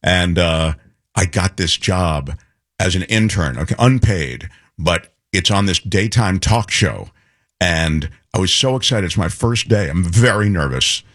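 A middle-aged man co-hosting a radio show, telling a story in a lively way and acting out the voices of the people in it. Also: low voice, measured pace, no room sound, studio quality. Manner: animated storyteller, acts out voices. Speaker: radio co-host. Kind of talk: casual chat, anecdote telling.

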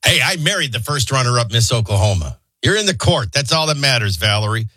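A man's voice: mid-range voice, very animated, pushed and bright, breathy edge, no echo. A man hosting a morning radio talk show, reading news and chatting with callers in a wry, conversational way while he has the hiccups. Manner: quick, conversational, wry asides.

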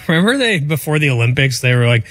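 A man co-hosting a sports radio show, relaxed and wry in casual banter. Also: a little high, a little fast, no echo. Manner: relaxed, wry, chuckling asides.

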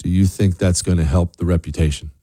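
A man delivering an opinion monologue, full of rhetorical questions and repeated words, who jumps up into high mocking voices when he quotes other people. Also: fairly even intonation, fast talker, dark tone, breathy edge, no room sound. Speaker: commentator.

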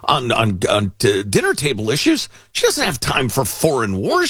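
Man, podcast co-host, casual political banter, sarcastic and mock-indignant, very animated pitch. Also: moderate pace, husky, no room sound, studio quality.

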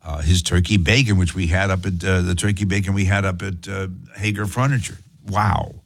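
A man's voice: deep voice, steady tone, fairly quick, husky, no echo, clean studio sound. A man hosting a talk radio show, speaking emphatically with rhetorical questions.

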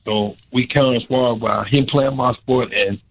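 A man speaking as a guest, earnest, measured and heartfelt. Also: mid-range voice, steady tone, gravelly, breathy edge, highs cut off.

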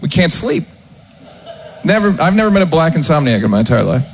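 A man performing stand-up comedy with a dry, measured delivery. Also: a little high, big pitch swings, slight background noise. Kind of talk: stand-up set.

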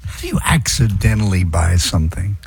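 A man's voice: deep voice, big pitch swings, fairly quick, vocal fry, a little mellow, breathy edge, no echo. A male co-host in casual on-air chat, throwing in playful wisecracks.

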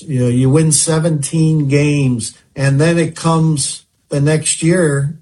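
A man interviewing a former pitcher, speaking in a measured way with a few fillers. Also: darkish tone, slightly rough. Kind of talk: interview questions.

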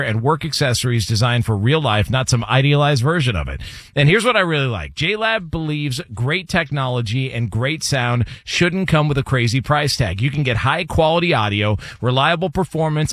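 A man's voice: a little high, fairly bright tone, dry recording. A man hosting a sports radio show, joking with co-hosts, recapping stories and reading an ad. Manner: laughs easily, recaps stories. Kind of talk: casual sports talk banter and read ad.

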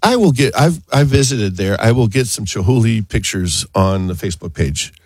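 A man's voice: on the low side, lively intonation, moderate pace, breathy edge, dry recording. A man hosting a talk show, chatting casually, rambling and laughing often. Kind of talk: casual on-air chat.

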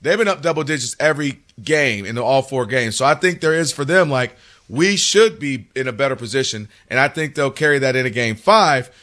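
This man co-hosts a sports talk radio show from a studio, talking energetically and handling the phone lines. His voice is mid-range and his delivery fairly quick.

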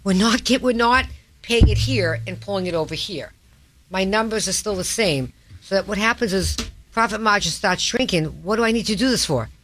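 A woman's voice: mid-range voice, normal speed, a bit bright, a little hiss or hum. A woman with a Boston North Shore accent hosting a talk radio show, blunt and emphatic in casual chat. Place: radio studio.

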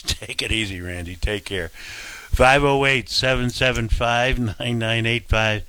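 A man's voice: medium pitch, steady tone, a little slow, bright, forceful tone, smooth. A man hosting talk radio, giving blunt, rambling opinions. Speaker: radio talk show host.

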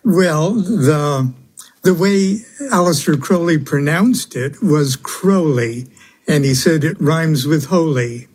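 A man being interviewed as a guest on a radio show, answering slowly and hesitantly with many pauses. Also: on the high side, a little mellow, husky. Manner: slow, hesitant, many uhs.

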